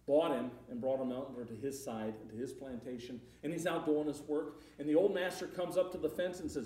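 A man's voice: a little high, warm tone. A man preaching a sermon in a conversational way, repeating words and rising into emphatic passages. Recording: roomy hall, far from the mic.

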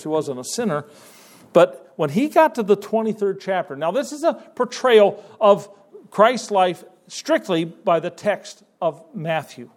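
A man's voice: high-pitched, darkish tone. A man preaching a sermon in a conversational way, with sudden emphatic rises.

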